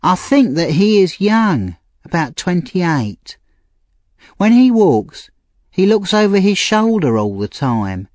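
A man's voice: big pitch swings, a little mellow, no echo, heavily acted. Frightened young woman, voiced by a male narrator. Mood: earnest sad. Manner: high, slow and pleading. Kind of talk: audiobook character reading.

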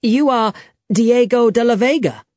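A man voicing a reckless, hot-headed young swordsman in an audiobook, eager and quick to raise his voice. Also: fairly high pitch, animated, no room sound. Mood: brash. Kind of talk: audiobook character reading.

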